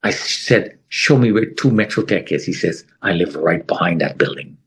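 Man, middle-aged, low voice, very animated delivery, vivid storyteller. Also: normal speed, slight background noise. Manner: vivid, acts out quoted dialogue. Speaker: interview guest. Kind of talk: personal storytelling.

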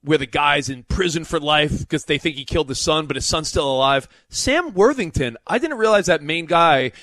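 A man co-hosting a sports radio show, telling stories in a chatty, animated way. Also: fairly high pitch, moderate pace, dry recording. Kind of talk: casual sports radio banter. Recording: dry close studio mic.

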